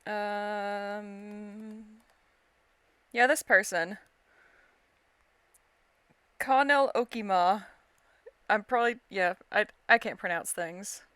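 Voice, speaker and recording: A woman's voice: medium pitch, very slow, long pauses, fairly bright tone, clean tone, dry recording. A woman hosting a game playthrough, reading the story aloud with chatty, self-deprecating comments. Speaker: let's-play host.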